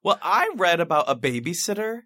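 A young man with a fairly high voice co-hosts a podcast, teasing and reacting quickly between laughs. His delivery is animated, with pitch leaping up and down. The recording is dry and close-miked. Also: no room sound. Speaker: podcast co-host. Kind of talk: casual comedic chat.

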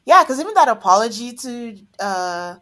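A woman co-hosting a podcast in casual chat, laughing often and trailing off softly. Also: a little high, big pitch swings, moderate pace. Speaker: podcast co-host.

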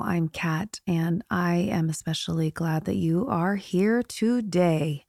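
A woman podcast host giving an emotional, halting solo intro from a recording studio. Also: lowish voice, steady tone, creaky, darkish tone, dry recording.

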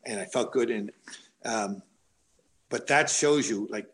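A man's voice: on the low side, a little slow, a bit bright, a little hiss or hum, poor audio. Rambling man, boxing coach telling stories. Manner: rambling, many restarts and fillers. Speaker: boxing coach and gym owner. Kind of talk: conversational interview storytelling.

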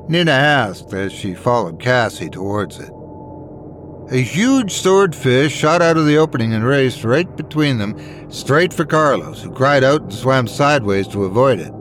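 A man's voice: medium pitch, lively intonation, moderate pace, a bit bright, faint music behind. A man narrating a scripted horror story and doing all the character voices.

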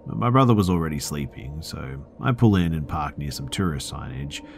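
A man's voice: very deep voice, animated, normal speed, gravelly, faint music behind. A man hosting a podcast, reading listener horror stories aloud in a dramatic scripted narration that sometimes drops to a whisper.

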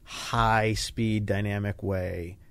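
Very slow and on the low side, with a clean tone and no echo, this retired Navy fighter pilot shares stories in a casual podcast interview. The older man tells them animatedly, acting out whoever he quotes.

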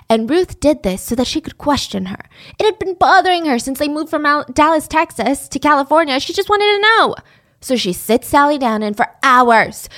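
A woman's voice: fairly high pitch, a bit bright. Chatty woman telling a true crime story. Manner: conversational, with blunt opinionated asides. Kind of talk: casual storytelling narration.

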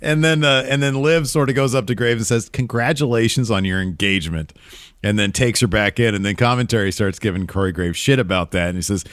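Male podcast co-host, low voice, dry close mic, loose jokey rambling. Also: fairly quick, a bit bright, dry recording. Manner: rambling, jokey, many fillers. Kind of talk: casual wrestling recap chat.

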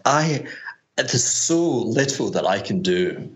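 A man's voice: mid-range voice, big pitch swings, slow. A middle-aged man with a Scottish accent, a fund manager answering interview questions in a rambling, self-deprecating way with frequent restarts. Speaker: hedge fund manager, guest.

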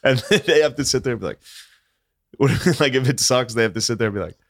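A man's voice: medium pitch, fairly quick, dry recording, clean studio sound. A man who is a comedian guest on a podcast, talking in a laid-back, self-deprecating way and swearing casually. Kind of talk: casual chat.

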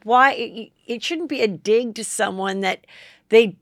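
A woman's voice: on the high side, a little slow, no echo. Chatty woman podcast host, dry mic. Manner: chatty, many "like" and "you know". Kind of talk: casual chat.

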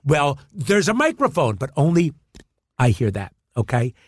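A man, a guest actor, telling stories in casual chat, animated, repeating words and acting out quotes. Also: fairly high pitch, moderate pace, dry recording, studio quality.

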